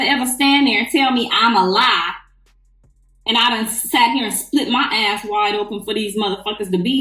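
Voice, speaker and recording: A woman's voice: on the high side, fairly bright tone, recorded from a distance. Blunt, profane woman ranting in an echoey bathroom. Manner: blunt, profane, heated storytelling. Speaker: livestreamer. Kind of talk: live-stream rant to followers. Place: bathroom, in the tub. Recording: echoey bathroom, away from the mic.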